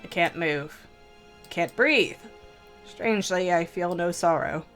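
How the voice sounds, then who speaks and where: A woman hosting a let's play, reading a visual novel aloud in measured, slow first-person narration. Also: lowish voice, a bit bright, soft background music.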